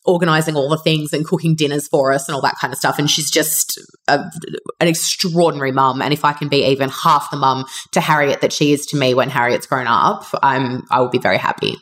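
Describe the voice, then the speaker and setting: A woman in her thirties co-hosting a podcast in casual chat, heartfelt and quick to laugh. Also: sits low. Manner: warm, heartfelt, laughs often. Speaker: podcast co-host.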